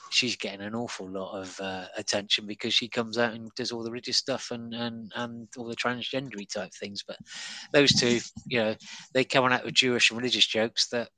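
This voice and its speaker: Chatty comedian, bright voice. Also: male voice, on the low side, moderate pace, dry recording, rough recording. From Devon and Cornwall, England. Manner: animated storyteller, many fillers and restarts. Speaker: stand-up comedian. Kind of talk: casual conversation.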